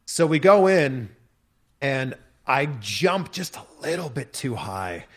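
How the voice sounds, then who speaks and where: An American man, a podcast guest, telling a story in lively detail with many fillers. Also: medium pitch, slow. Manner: animated, vivid retelling with many fillers. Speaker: interview guest.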